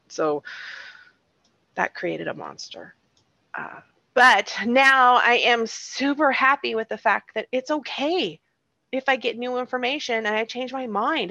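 Candid middle-aged woman, gravelly voice. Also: medium pitch, fairly bright tone, dry recording, muffled recording. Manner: candid, self-deprecating storytelling. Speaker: podcast host. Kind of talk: solo podcast monologue.

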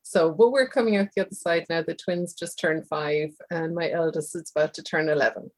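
A woman's voice: deep voice, steady tone, brisk. An Irish woman, a psychologist appearing as a podcast guest, chatting casually and laughing easily. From Ireland. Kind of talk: casual interview chat.

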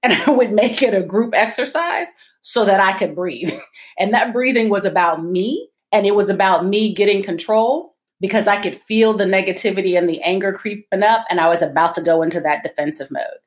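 A woman guest in a podcast interview, telling her story in a measured, self-reflective way and laughing at herself. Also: mid-range voice.

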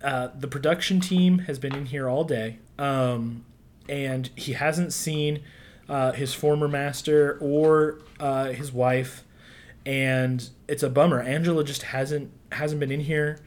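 Halting tabletop game master. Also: medium pitch, steady tone, a little mellow. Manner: halting, many fillers and restarts.

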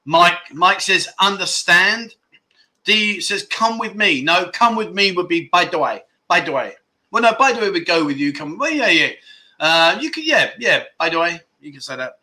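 A man's voice: high-pitched, animated, moderate pace, sharp tone. A man from London with a London accent hosting a casual livestream chat show, chatty and jokey as he reads out viewer comments. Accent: London English. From London, England. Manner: chatty and jokey, rambling with restarts and laughs. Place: living in Thailand.

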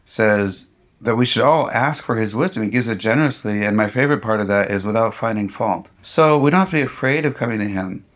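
A man, a pastor being interviewed, telling a personal story in a lively conversational way, with humorous asides and acted-out quotes. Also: fairly low pitch, brisk. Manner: animated storyteller who acts out what others said; humorous, self-deprecating asides. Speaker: pastor and guest speaker.

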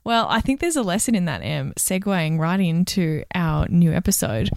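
A woman's voice: lowish voice, lively intonation, normal speed, creaky, no room sound, clean studio sound. A woman, a career coach co-hosting a podcast, giving direct advice in casual chat. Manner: direct, advising, explains points in steps.

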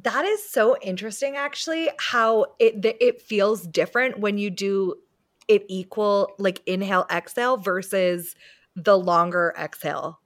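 Brief: woman interviewer, mid pitch, eager and admiring, casual podcast chat. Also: unhurried. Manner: enthusiastic, admiring reactions.

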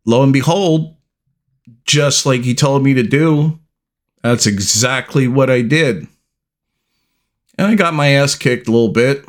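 A middle-aged man hosting a podcast, telling a personal story in a slow, deliberate way with long pauses. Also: mid-range voice. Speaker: podcast host.

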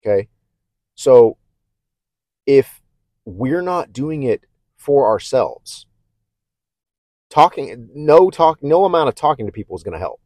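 The host of a casual self-help podcast speaks slowly with frequent pauses, his medium-pitched, slightly mellow voice very animated. Candid and reflective, he stammers into restarts and conversationally checks in with "okay?", in clean studio sound with no room noise.

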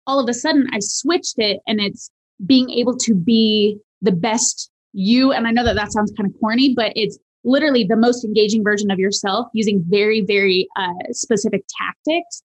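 A woman guest on a podcast, talking casually and animatedly about voice and charisma, swooping high at times to demonstrate. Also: normal speed. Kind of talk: casual interview chat.

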